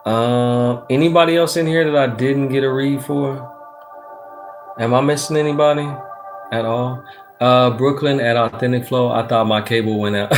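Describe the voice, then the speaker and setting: A relaxed man of ordinary pitch talks into his phone at night, reading tarot cards and chatting loosely with viewers. He swears often and reads out comments, with faint music playing behind him. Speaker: tarot reader hosting a live stream. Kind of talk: casual livestream chat and tarot reading. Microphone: phone front camera.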